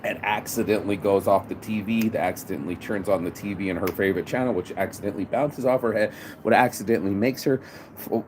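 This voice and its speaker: A fairly low-voiced man delivers a swearing, preachy motivational pep talk, calling everyone bro. He is outdoors beside a road, with loud traffic rumbling behind his voice. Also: quick pace. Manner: profane, preachy, calls listener bro. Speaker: motivational vlogger. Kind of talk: casual motivational rant.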